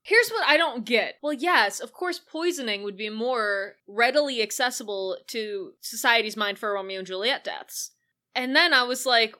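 The speaker is a woman co-hosting a casual podcast, retelling a film with excited, laughing energy. Her voice sits fairly high and swoops widely in pitch as she talks. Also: moderate pace. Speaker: podcast co-host. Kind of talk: casual film recap chat.

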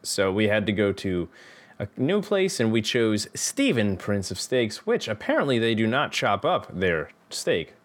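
Laid-back low-voiced male podcast host. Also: measured pace. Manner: rambling, relaxed, laughs often. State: tired. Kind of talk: casual podcast chat.

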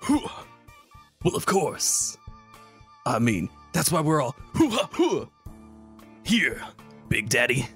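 A man's voice: mid-range voice, huge pitch swings, slow, long pauses, a bit bright, faint music behind, exaggerated voice. A man voicing a vain, posing male dog with a pompadour who hoots and jive-talks. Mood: cocky. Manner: jive-talking, hooting hoo ha.

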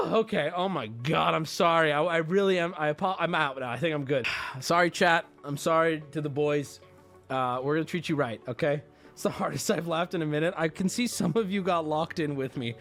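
A man's voice: on the high side, moderate pace, a bit bright, faint music behind. A man hosting a livestream, talking casually and profanely to his chat, often breaking into laughter. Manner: profane, rambling, talks straight to chat. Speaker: livestream host.

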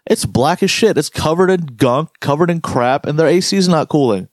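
A man's voice: a little high, normal speed, no echo, clean studio sound. Profane ranting man, casual chat. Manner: profane, ranting, animated storytelling.

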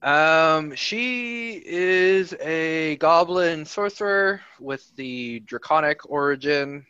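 Young male player, slow and bright-toned, dry lo-fi recording. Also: on the high side, animated, clear, resonant tone, dry recording. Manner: unhurried, rambling with fillers. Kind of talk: describing a game character. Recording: dull lo-fi mic.

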